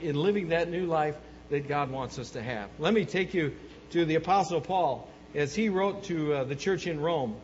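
A man preaches in a church sanctuary, his fairly high voice trailing off into a long reverb. He is emphatic, rising into loud bursts and dropping to low, earnest stretches. The recording is dull and slightly muffled, with a faint hum underneath. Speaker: pastor. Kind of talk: sermon.

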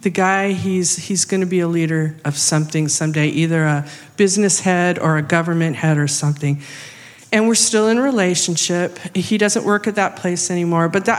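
Woman testifying to a congregation; unhurried, animated storyteller who voices the other people, long hall reverb. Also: on the low side. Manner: animated, acts out quoted speech. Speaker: missionary sharing a testimony.

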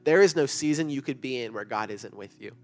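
This youth pastor, a young man with a medium-pitched voice, gives a brisk sermon to students in a church room. He's earnest and conversational, leaning on plenty of fillers.

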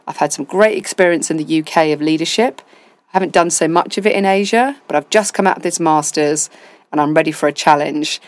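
Low-voiced woman telling lively stories. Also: no echo. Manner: animated storytelling with quoted asides. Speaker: deputy head of school, interview guest. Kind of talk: casual interview chat.

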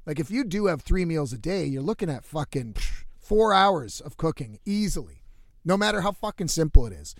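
A man with a fairly high voice rambles through a story, swearing freely and casually. He sounds dry and close to the mic, speaking from inside a van. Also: moderate pace, no room sound. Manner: profane, rambling, animated storytelling. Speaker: musician living in a van.

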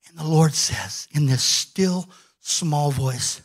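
Animated high-voiced male preacher. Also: normal speed, breathy edge. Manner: animated storytelling, acts out quoted lines. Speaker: pastor. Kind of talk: sermon.

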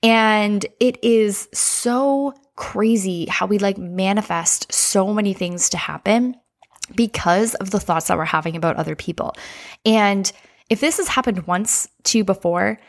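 A woman life coach hosting a casual podcast monologue, energetic and chatty, often saying "like" and speaking straight to her listeners. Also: medium pitch, unhurried.

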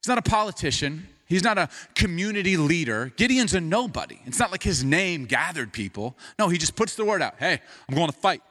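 A man preaching a sermon as pastor, animated and humorous, telling a story in a conversational way. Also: sits high, brisk, few pauses.

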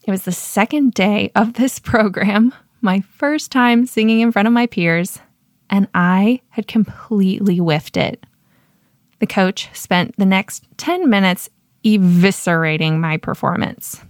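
Woman host, scripted personal storytelling, measured and wry, dry close sound. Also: mid-range voice, no echo. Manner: measured, self-deprecating storyteller. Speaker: podcast host.

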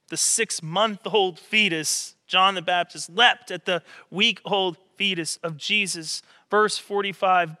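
A man with a high-pitched, very bright and ringing voice, preaching a sermon as a pastor. He brings the story to life by acting out the quotes, then sinks into soft, reflective passages. Long reverb from the church sanctuary trails every phrase.

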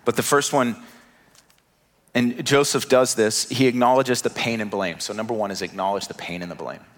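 A man's voice: lowish voice, steady tone, moderate pace. A man in his thirties preaching a sermon, earnest, repeating words and rising in emphasis. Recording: long hall reverb.

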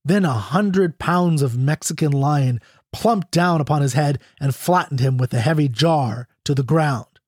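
Male narrator for a classic short story; measured, expressive, fairly high voice. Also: husky, no echo, clean studio sound.

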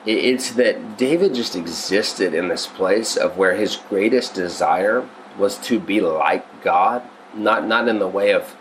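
A man's voice: low-pitched, a little slow, hardly any pauses, a little hiss or hum, poor audio. A male pastor teaching on a devotional podcast, earnest and conversational, often restarting his sentences.

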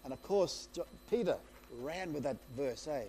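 Male preacher, sermon, high-pitched, warm mellow tone, excitable, restarts phrases, faint background hum. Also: moderate pace. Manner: storytelling, retelling scripture conversationally.

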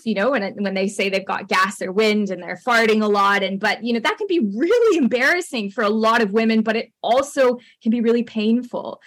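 A woman's voice: mid-range voice, a bit bright. A woman with a Canadian accent, a health practitioner guest on a podcast, explaining things in a friendly way with lots of fillers. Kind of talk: conversational podcast interview.

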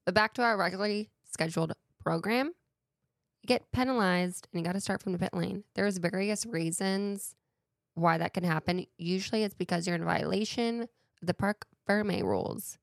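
A woman's voice: mid-range voice, animated, normal speed, gravelly, no echo, clean studio sound. A woman hosting a casual solo talk show with a playful, chatty way of wandering into tangents. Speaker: podcast host.

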